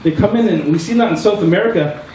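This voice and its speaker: A man's voice: sits high, fast, dark tone. A middle-aged man from the Tsleil-Waututh Nation in Canada, a chief telling earnest stories to a gathering, with many repetitions. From Tsleil-Waututh Nation, British Columbia, Canada. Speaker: chief giving a speech. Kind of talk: spoken address to a gathering. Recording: echoey hall, distant mic, audience heard.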